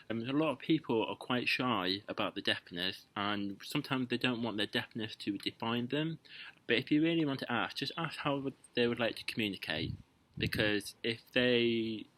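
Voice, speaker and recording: A young man vlogging dating tips in a slightly low voice, casual and chatty, often pausing with ums and restarting his sentences. he sounds playful and talks straight to camera. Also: sharp tone, low-quality recording. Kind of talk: casual direct-to-camera advice.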